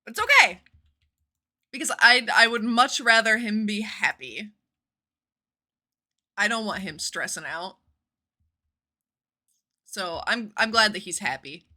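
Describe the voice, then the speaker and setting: A woman's voice: mid-range voice, takes it slowly, pauses often, pushed and bright. A woman in her twenties, a livestreamer chatting casually and rambling while she plays a game, with the odd casual swear.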